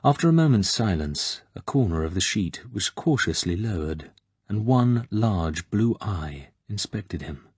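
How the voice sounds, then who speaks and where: A man reading a novel aloud in measured scripted narration. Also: lowish voice, sing-song, a little mellow, breathy edge, dry recording. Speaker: audiobook narrator.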